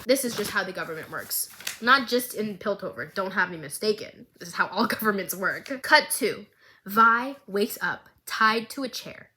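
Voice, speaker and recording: A young adult woman recapping a show in a casual, animated way, laughing often. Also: on the high side, moderate pace. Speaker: recap vlogger.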